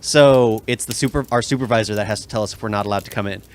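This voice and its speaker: A man's voice: lowish voice, fast. A young man telling long, rambling work stories in a casual podcast chat. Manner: rambling storyteller, many restarts. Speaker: podcast co-host.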